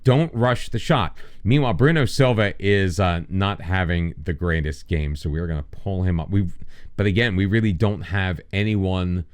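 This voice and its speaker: A man's voice: low voice, moderate pace, smooth. An American man casually commenting over a football management game, mixing play-by-play calls with joking, self-deprecating asides. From United States. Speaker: gaming YouTuber.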